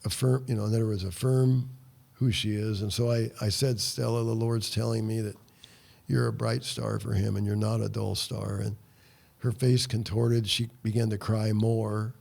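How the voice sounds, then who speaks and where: A man's voice: fairly low pitch, little pitch movement, moderate pace, gravelly, a little mellow. An older man, a guest on a talk show, earnestly tells a story of ministry and acts out his prayers as dialogue. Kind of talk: storytelling testimony in conversation.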